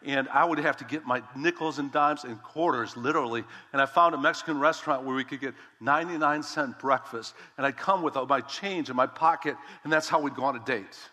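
Animated man preaching in a reverberant hall. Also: mid-range voice, a little fast, few pauses. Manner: animated storytelling, repeats words, acts out quotes. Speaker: pastor. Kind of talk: sermon with personal story.

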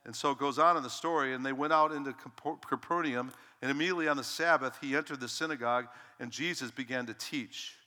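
A male pastor preaching a lively, emphatic sermon to his congregation and calling out "Amen?" as he goes. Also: mid-range voice, quick pace, hardly any pauses, long reverb tail. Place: church sanctuary.

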